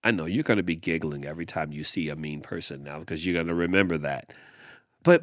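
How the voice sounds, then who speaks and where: An animated man hosting a podcast, whose pitch rises and falls all over as he talks. He speaks slowly and repeats words as he thinks, and his voice sounds close and dry. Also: no room sound. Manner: uses y'all. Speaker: podcast host. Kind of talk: storytelling and reflective talk.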